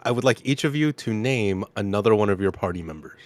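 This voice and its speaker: A man's voice: on the low side, expressive, fairly quick, a little mellow, dry recording. A man acting as game master, hosting a live Q&A in a playfully formal manner. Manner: playfully formal, laughs often.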